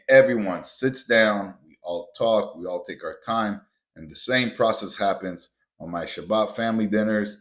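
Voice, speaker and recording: A man with a low voice hosts a motivational podcast, talking straight to his listeners. He is blunt and profane and often works himself up into loud, emphatic rants. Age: adult with children. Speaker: podcast host.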